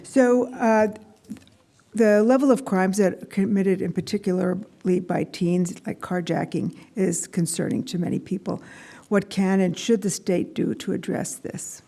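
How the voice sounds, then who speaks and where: A woman's voice: mid-range voice, steady tone, unhurried, gravelly, mellow. A woman moderating a candidate forum, reading questions briefly and politely.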